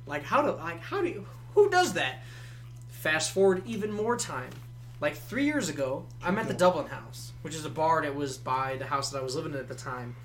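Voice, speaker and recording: A man's voice: fairly high pitch, lively intonation, a little fast, slight background noise. A man in his twenties telling a story in casual, profane podcast chat. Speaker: podcast guest.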